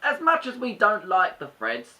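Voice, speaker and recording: Performer doing a brash purple puppet, bright lively voice, a bit off-mic. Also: female voice, medium pitch, normal speed, recorded from a distance. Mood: cheeky. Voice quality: brash, mocking, crude jokes. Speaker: guest co-host. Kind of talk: comedic puppet banter.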